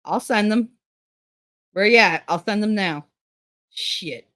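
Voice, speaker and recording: A woman's voice: medium pitch, slow pace, fairly bright tone. A middle-aged woman hosting a stream, chatting casually with her viewers in a blunt, profane way and laughing often. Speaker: livestream host. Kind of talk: casual chat with live chat.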